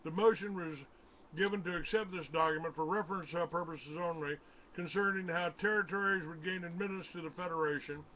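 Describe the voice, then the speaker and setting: High-voiced man hosting talk radio. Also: steady tone. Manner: halting, many fillers, reads then asks questions. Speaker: radio host. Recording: dull lo-fi radio audio with faint noise.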